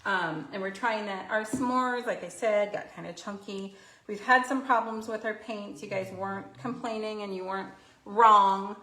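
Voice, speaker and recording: This woman's medium-pitched voice is steady and sharp, moving at a normal speed. Filmed under lights in an indoor craft studio, she leads a live painting tutorial, chatting, poking fun at herself, and laughing readily as she explains each step, with a roomy echo and faint noise around her.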